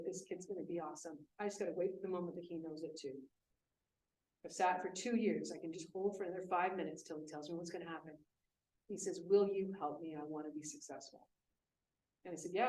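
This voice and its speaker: A woman speaking at a business event, telling a lively classroom story in a conversational way. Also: fairly low pitch. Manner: animated, conversational, voices quoted students. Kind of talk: storytelling talk. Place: event room. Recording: echoey room from a distant mic with faint hiss.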